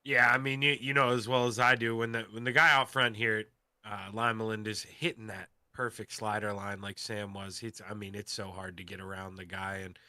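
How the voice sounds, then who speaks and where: A man working as color commentator, chatting loudly and emphatically about the race and interviewing drivers. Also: lowish voice, level tone, brisk, no echo.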